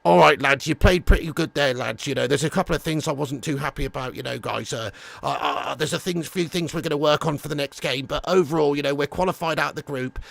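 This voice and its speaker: A man's voice: fairly high pitch, quick pace, vocal fry, fairly bright tone, dry recording, voice pushed down. A man putting on an impression of a meek, bland middle-aged football manager giving a hesitant, mumbling team talk. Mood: limp, placating.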